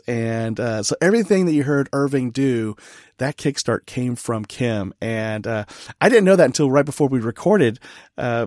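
A man hosting a podcast interview, chatty and quick to laugh at himself in casual conversation. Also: mid-range voice, darkish tone, no room sound, studio quality. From California. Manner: chatty, laughing, self-deprecating. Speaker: podcast host.

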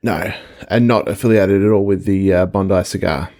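A man, laid-back and deadpan as a podcast co-host. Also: sits low, moderate pace. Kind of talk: casual chat.

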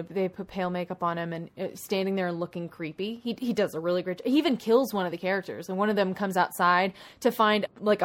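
Woman rambling through a movie plot. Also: mid-range voice. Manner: rambling, animated plot retelling with many asides. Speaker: podcast co-host. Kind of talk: casual chat.

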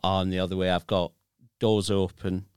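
A man's voice: sits low, little pitch movement, normal speed, a little mellow, clean tone, dry recording, clean studio sound. A man in casual chat, speaking earnestly and emphatically, with some swearing.

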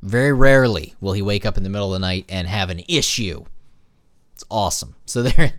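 A man's voice: lowish voice, brisk, no echo, studio quality. A man and new father hosting a casual podcast monologue, telling jokey stories. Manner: animated, jokey storytelling.

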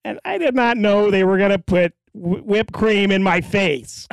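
A woman's voice: mid-range voice, measured pace, creaky, few pauses, dry recording. Woman in her forties, easygoing chat. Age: 40s. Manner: easygoing, laughing storyteller. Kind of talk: casual chat.

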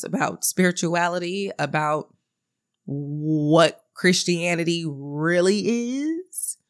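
A woman's voice: on the low side, fairly bright tone. A woman in her thirties, a podcast host telling a story in a casual, candid way and swearing freely. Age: 30s.

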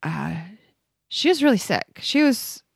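Her voice is on the high side and sing-song, a little slow, creaky and slightly rough, recorded cleanly in a studio with no room sound. The forty-something podcast guest tells her personal story with heartfelt earnestness, frequently stopping and starting over.

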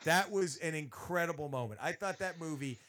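A man chatting on a podcast in a bright, forceful voice pitched a little high. He swears freely and piles on emphatic riffs. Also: brisk. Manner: profane, emphatic, riffing with laughter. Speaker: podcast co-host. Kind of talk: casual chat.

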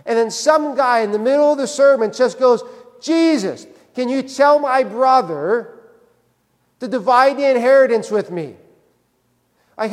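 A male pastor with a very high voice delivers a conversational sermon in a church sanctuary that sounds like a large hall. He keeps tagging his points with "right?" for emphasis.

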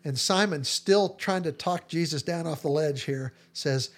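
A man's voice: a little high, measured pace, few pauses. A man hosting a podcast, retelling scenes in casual chat and acting out the quoted lines with animation. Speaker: podcast host.

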